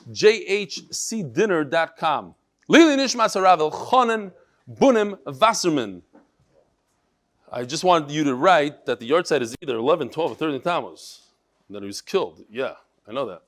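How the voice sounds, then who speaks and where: A man teaching a daily Talmud class, talking in an animated, exclaiming way. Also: sits high. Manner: animated, exclaiming, mixes Yiddish and Hebrew words. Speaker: daf yomi teacher. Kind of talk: lively Torah class talk.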